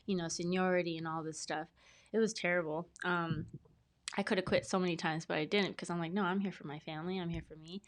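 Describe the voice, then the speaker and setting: A woman's voice: fairly low pitch, steady tone, fast talker. A woman in her thirties, a podcast guest telling her story in a casual, earnest, rambling way with many fillers and restarts. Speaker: podcast guest, brand specialist.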